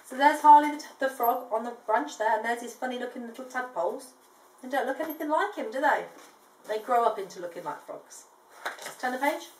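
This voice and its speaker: Aunt reading a kids' book, gentle and chatty, fairly high voice, echoey room. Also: female voice, expressive, brisk, slight background noise. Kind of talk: bedtime story reading to a child. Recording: echoey room, distant mic.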